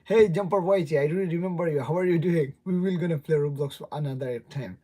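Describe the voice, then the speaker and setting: A man's voice: on the high side, fast talker, warm tone. Laughing young man chatting on a livestream. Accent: non-native English. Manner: rambling, laughs often, greets chat viewers. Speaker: livestream host. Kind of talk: casual live stream chat.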